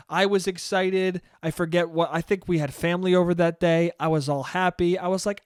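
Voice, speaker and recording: High, smooth-voiced rambling young man. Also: normal speed, dry recording, clean studio sound. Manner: rambling, profane, jokey, with many restarts. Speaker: podcast host. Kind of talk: solo podcast monologue.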